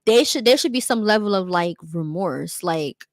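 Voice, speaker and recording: A woman's voice: mid-range voice, quick pace, few pauses, no echo. A young woman giving a candid, emphatic livestream monologue, full of "like" and "you know" fillers. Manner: candid, emphatic, acts out quotes in other voices. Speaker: vlogger.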